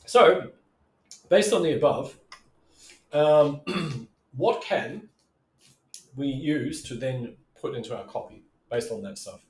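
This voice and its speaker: A man's voice: medium pitch, animated, slow, pauses often. Chatty male marketing coach, echoey room. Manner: loose and chatty, keeps asking "right?", acts out customers' voices. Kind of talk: casual teaching monologue.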